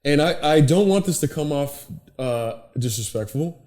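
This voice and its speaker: A young man hosting a podcast, telling animated stories in casual chat, swearing often and acting out quotes. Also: fairly high pitch, moderate pace. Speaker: podcast host.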